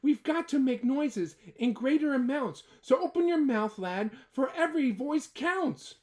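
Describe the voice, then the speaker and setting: Storybook mayor, tiny and frantic, high-pitched and shouting, put on by a man. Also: expressive, a little slow. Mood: urgent. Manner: calling out, pleading. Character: small frantic town mayor.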